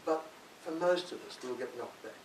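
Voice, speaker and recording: A man's voice: mid-range voice, normal speed. An older man giving a chatty, self-mocking talk to an audience and laughing often at his own jokes. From Australia. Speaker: author speaking at a library event. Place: library hall. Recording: distant, echoey hall with hiss.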